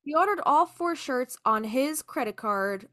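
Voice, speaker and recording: A woman's voice: high voice, animated, unhurried, fairly bright tone, no echo. A young woman co-hosts a podcast in loose, chatty talk. She curses freely and laughs easily. The recording is dry and close. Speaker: podcast co-host. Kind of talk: casual chat.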